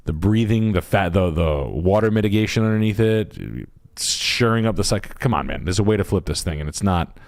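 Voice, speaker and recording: A man's voice: fairly low pitch, fairly quick, dry recording, studio quality. A man hosting a livestream, giving blunt, crude advice and swearing freely in casual chat. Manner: crude, joking, swears a lot. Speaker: host.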